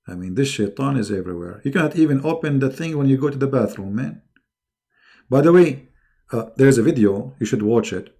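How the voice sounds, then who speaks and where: A man hosting a livestream, talking casually with a mocking, sarcastic, animated manner. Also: mid-range voice. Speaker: livestream host.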